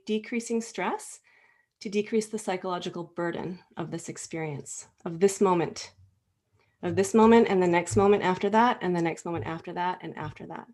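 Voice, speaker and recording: A woman talks through a health topic in a relaxed, conversational way, her sentences full of ums and restarts. She speaks earnestly and directly to the listener, like a practitioner explaining things to patients. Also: mid-range voice. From Canada. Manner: warm, earnest, conversational with many fillers and restarts. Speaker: acupuncturist and clinic co-owner giving a health talk. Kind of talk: informal educational talk. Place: indoors, presenting slides.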